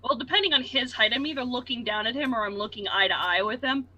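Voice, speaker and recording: A woman's voice: on the high side, fast, bright, forceful tone, lo-fi sound. A woman playing a tabletop game, playfully describing what her character does. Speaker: player. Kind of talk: tabletop role-play chat.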